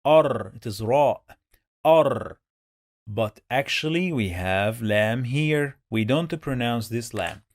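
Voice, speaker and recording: A male teacher walks learners through Quran reading very slowly. He is patient and sounds out each syllable again and again, breaking words into their parts. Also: mid-range voice, no echo. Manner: patient, repeats each syllable several times. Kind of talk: slow step-by-step lesson.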